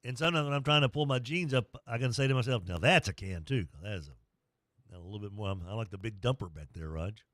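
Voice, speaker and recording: A man's voice: lowish voice, fast talker, fairly bright tone, dry recording, clean studio sound. A middle-aged man hosting sports talk radio, rambling and joking at his own expense. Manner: rambling, jokey, self-deprecating.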